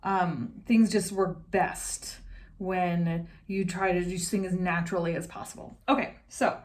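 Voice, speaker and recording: A woman teaching singing in a relaxed, chatty way, breaking off to sing short demonstration lines. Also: lowish voice, measured pace. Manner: chatty, explanatory, with sung demonstrations. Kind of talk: casual vocal lesson.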